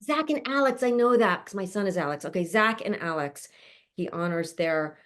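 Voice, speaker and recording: A woman's voice: lowish voice, expressive, moderate pace, fairly bright tone. A woman hosting an online panel, introducing each guest in an effusive, chatty way and laughing often, speaking from home. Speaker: show host introducing a panel. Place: at home, mother nearby.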